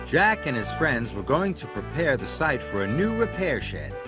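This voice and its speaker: A man narrating a children's storybook in an expressive, animated reading. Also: mid-range voice, normal speed. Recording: music playing behind.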